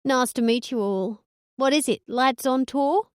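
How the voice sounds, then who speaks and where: A woman's voice: high-pitched, a little slow, smooth, dry recording, studio quality, pitched above the performer's own voice. A woman doing a twangy ditzy flirt. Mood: flirty. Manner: twangy, giggly.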